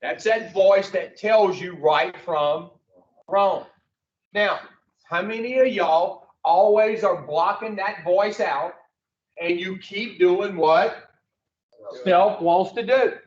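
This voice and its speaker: Recovery group leader, male, high-pitched and unhurried, blunt and cussing; roomy, distant, dull recording. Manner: blunt, profane, quizzes the group. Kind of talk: teaching a recovery class. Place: room with a group.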